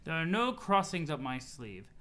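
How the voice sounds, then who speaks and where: A man's voice: a little high, sing-song, normal speed, pushed and bright. A man voicing a stiff, formal teenage troll boy who speaks in a haughty, prim way.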